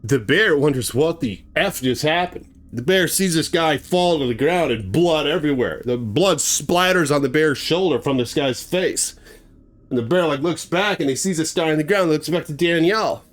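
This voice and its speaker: A man's voice: fairly high pitch, expressive, moderate pace. A man telling a gruesome story in a casual spoken way, acting out sound effects and swearing freely. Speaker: storyteller host.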